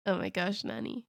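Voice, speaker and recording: A woman's voice: on the high side, dark tone. A young woman on a live gaming stream, chatting with viewers and reading a horror game's text aloud. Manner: chatty, greets viewers between read passages.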